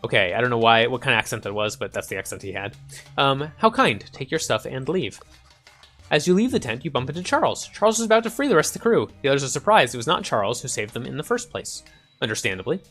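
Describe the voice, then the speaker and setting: Man, casual game commentary, chatty, animated pitch, faint music behind. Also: fast. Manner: chatty, reads game text aloud. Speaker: gaming channel host. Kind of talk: casual let's-play commentary.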